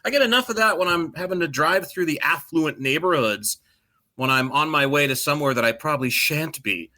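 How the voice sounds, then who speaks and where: A man's voice: a little high, lively intonation, a little fast, pushed and bright. A middle-aged man co-hosting a podcast in casual chat, ranting with profanity and sarcasm. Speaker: podcast co-host.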